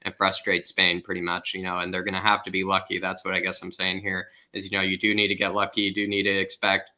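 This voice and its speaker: A man's voice: low voice, monotone, fast talker, pushed and bright. A man co-hosting a live football watchalong, offering casual analysis and repeatedly turning to the host. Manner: analytical, keeps addressing the host by name. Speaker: co-host and pundit.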